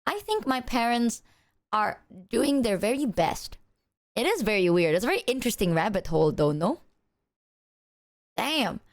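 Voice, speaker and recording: Animated, foul-mouthed woman streamer, higher voice. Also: moderate pace, long pauses. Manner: animated storytelling, acting out both sides of a conversation; swears freely. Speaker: livestreamer. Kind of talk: casual chat.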